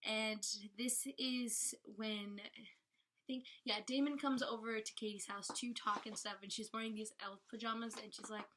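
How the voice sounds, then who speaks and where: A woman's voice: a little high, steady tone, moderate pace, sharp tone. A young woman giving a chatty, giggly book review in a casual vlog.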